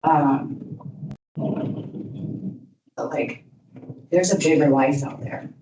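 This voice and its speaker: A woman in her thirties with a lowish voice speaks candidly to a young audience, rambling and leaning on "you know" between thoughts. The room is echoey and she sounds far from the microphone. A faint hiss sits under her speech. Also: drawn-out words. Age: 30s. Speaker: alumni speaker. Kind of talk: motivational talk to youth.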